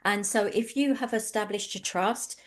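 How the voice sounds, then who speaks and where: A woman's voice: mid-range voice, normal speed. Chatty woman coaching online. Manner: conversational, anecdotal, frequent ums. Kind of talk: webinar presentation.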